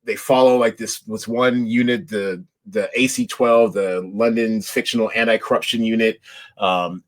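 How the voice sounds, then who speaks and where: A man's voice: fairly low pitch, fairly even intonation, moderate pace. A man hosting a podcast, chatting casually about TV shows in a rambling way, with lots of restarts and fillers. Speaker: podcast host. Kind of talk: casual chat.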